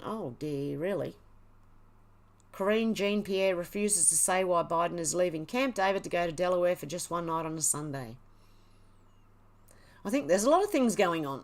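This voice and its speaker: Chatty woman hosting a livestream. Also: lowish voice. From Australia. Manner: chatty, exclaiming, laughs often. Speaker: livestream host. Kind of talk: casual livestream chat, reading news and comments.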